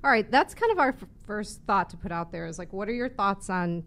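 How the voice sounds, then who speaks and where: A woman's voice: medium pitch, lively intonation, fairly quick, a bit bright. Female talk show host with a mid-range voice, loose, chatty and teasing. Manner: chatty and teasing, laughs often. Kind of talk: casual chat.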